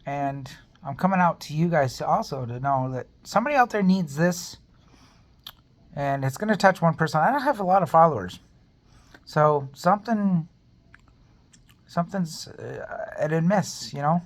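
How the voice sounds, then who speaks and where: Speaking at a moderate pace, his voice a little high and expressive, the same kind of vlogger addresses the camera. He earnestly rambles while sharing his faith testimony and being frank about his pain.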